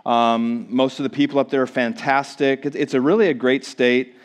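A man's voice: mid-range voice, steady tone, normal speed. Joking Minnesotan pastor in his forties. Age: 40s. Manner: joking, self-deprecating, chatty with many fillers. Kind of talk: casual sermon to a congregation.

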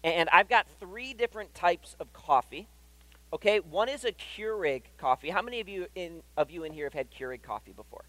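Chatty pastor with a higher voice. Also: male voice, animated, brisk, fairly bright tone, no echo, poor audio. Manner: conversational, keeps checking in with "right?". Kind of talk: sermon. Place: church hall.

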